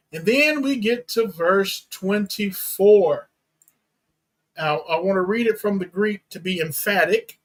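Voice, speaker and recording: A pastor giving a teaching sermon, reading and explaining Bible verses in a deliberate way and unpacking Greek words. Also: male voice, sits high, a bit bright, low-quality recording. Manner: slow, deliberate Bible exposition with Greek terms.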